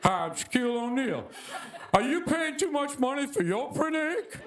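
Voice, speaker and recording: A man doing an impression of a giant retired sports star turned cheerful TV pitchman, with an earnest salesman delivery. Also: very animated, moderate pace, fairly bright tone, heavily acted.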